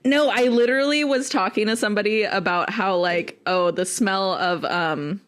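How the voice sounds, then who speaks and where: A woman's voice: mid-range voice, normal speed. Teasing female podcast co-host. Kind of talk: casual podcast banter.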